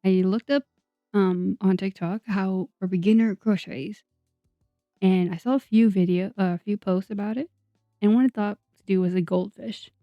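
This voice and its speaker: A woman's voice: mid-range voice, steady tone, normal speed, dry recording. Young woman YouTuber, chatty rambling voice-over, dry muffled mic, faint music behind. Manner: rambling, self-deprecating, frequent fillers and laughs. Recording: dull, dry sound under soft music.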